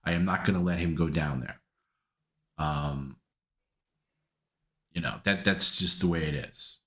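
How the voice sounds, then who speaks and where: A man's voice: a bass voice, unhurried, a bit bright, reverberant. A man hosting a live stream, casually answering viewer comments in a rambling way with many restarts.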